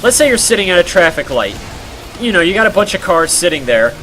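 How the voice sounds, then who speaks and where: A man's voice: sits high, big pitch swings, fast, sharp tone, faint music behind. A man streaming a game while telling a rambling story, full of fillers and laughs.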